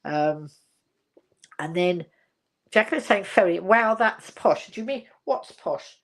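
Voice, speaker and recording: An older English woman with a lowish, animated voice hosts a relaxed live chat from home, speaking slowly. She rambles cheerfully, laughs a lot and reads out comments from her viewers.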